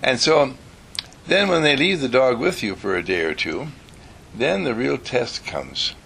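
A man teaching an audience through a slow, deliberate story with long pauses. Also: medium pitch, very animated, gravelly, a bit bright, husky, low-quality recording. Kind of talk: storytelling talk to a live audience.

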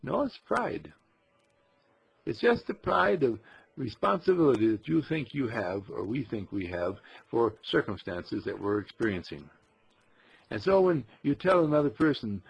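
A man's voice: medium pitch, very animated, unhurried, creaky, slightly rough, lo-fi sound. A man giving an inspirational spiritual talk, acting out little quoted scenes as he teaches.

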